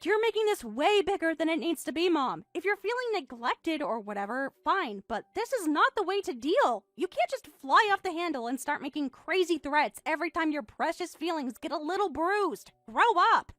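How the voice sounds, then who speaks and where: A woman's voice: high voice, sing-song, moderate pace, hardly any pauses, fairly bright tone, dry recording, faint music behind. A synthetic female text-to-speech voice reading a bratty, dismissive teenage daughter in a text-message story.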